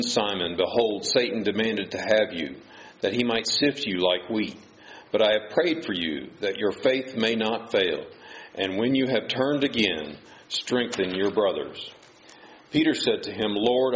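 A man reading scripture aloud in a church service, in a steady, formal way. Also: on the low side. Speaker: scripture reader. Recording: dull, lo-fi church recording with faint noise.

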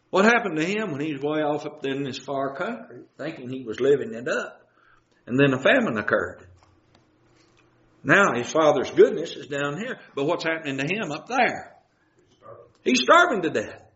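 Male Bible teacher, folksy and lively, pitch swinging widely, slightly high voice; roomy, dull lo-fi church recording. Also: normal speed. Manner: lively, homespun, uses everyday illustrations.

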